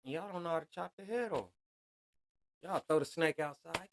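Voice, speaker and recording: A man's voice: fairly high pitch, moderate pace, creaky, pauses often, a little hiss or hum. A man hosting a solo podcast, talking bluntly in heavy street slang and lecturing his listeners. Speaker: podcast host.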